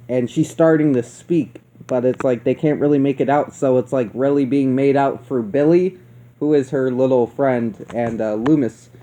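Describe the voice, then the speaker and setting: A man's voice: medium pitch, dark tone. A man giving a casual, profane and rambling review of a horror movie, laughing often. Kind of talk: casual film review rant.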